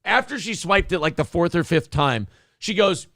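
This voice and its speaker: A man's voice: high-pitched, sing-song, normal speed, fairly bright tone, no room sound, studio quality. A man hosting a morning show, telling a story as a profane, heated rant. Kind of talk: casual podcast chat.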